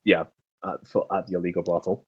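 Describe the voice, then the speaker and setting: Excitable swearing male gamer. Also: low-pitched, fairly quick, muffled recording, a crowd in the background. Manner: excitable, swears often, trails off mid-sentence. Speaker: player. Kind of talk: casual chat at a tabletop game.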